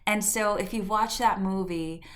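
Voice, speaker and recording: Woman, podcast host, personal story, slow measured delivery, candid and reflective. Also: mid-range voice. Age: adult.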